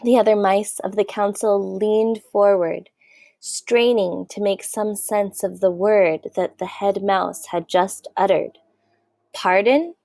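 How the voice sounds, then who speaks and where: A woman reading a children's novel aloud in a gentle, measured storytelling voice. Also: mid-range voice, steady tone, creaky, no echo, studio quality. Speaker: audiobook reader. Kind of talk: storybook narration.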